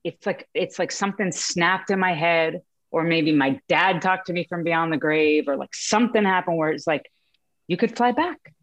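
A woman's voice: on the low side, normal speed, hardly any pauses, dry recording. A woman in her thirties telling a personal story in a candid, self-mocking way, swearing mildly and acting out what people said. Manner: acts out voices in vivid quoted asides. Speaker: mother sharing a story with a group. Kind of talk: casual storytelling.

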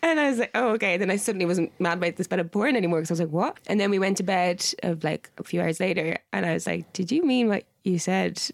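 A woman's voice: on the low side, fast talker, creaky, hardly any pauses, no echo. Girl telling a story on a podcast, chatty, quotes everyone, dry close sound. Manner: chatty anecdote-teller who quotes herself and others. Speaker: podcast co-host. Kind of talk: casual chat.

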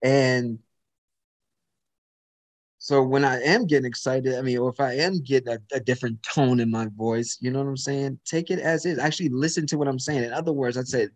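A man's voice: medium pitch, fairly even intonation, fairly quick. Dude venting about his boss, emphatic, regular mid voice. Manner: emphatic, storytelling, frequent "you know what I'm saying". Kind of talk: casual chat.

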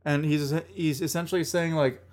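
A man's voice: a little high, fairly even intonation, normal speed, darkish tone. A man hosting a music podcast, chatting casually and enthusiastically about songs, often rambling and repeating himself. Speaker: podcast host reviewing albums.

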